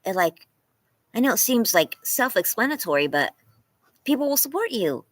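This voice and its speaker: A young woman from California chatting casually on a livestream from her home, animated and laughing often as she thanks viewers by name. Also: a little high, moderate pace, no room sound, poor audio. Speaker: livestream host.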